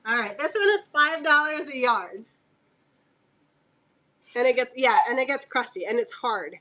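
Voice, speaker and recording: High-voiced woman selling fabric live. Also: moderate pace, pushed and bright. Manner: chatty and joking, laughs often, talks aside to her dog. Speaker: fabric seller on a live auction stream. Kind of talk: casual live-stream selling.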